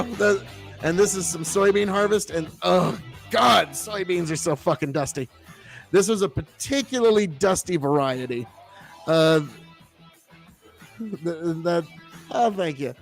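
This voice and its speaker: A man hosting a casual livestream as a farmer, rambling and swearing freely, easily excited. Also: high voice, measured pace, creaky, pauses often, soft background music. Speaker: livestream host and seed farmer.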